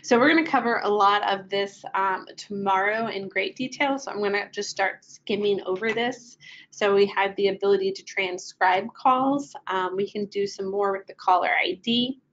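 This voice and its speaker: A woman giving a casual software training walkthrough, filling her pauses with ums while she clicks through settings. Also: medium pitch, muffled recording. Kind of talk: screen-share product walkthrough.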